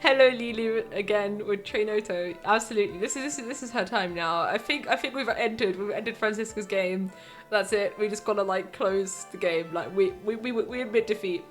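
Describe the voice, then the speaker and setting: A woman's voice: mid-range voice, normal speed. A woman streaming a game, chatting casually and joking about herself while she plays. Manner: chatty and self-mocking. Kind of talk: casual let's-play commentary. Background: faint game music.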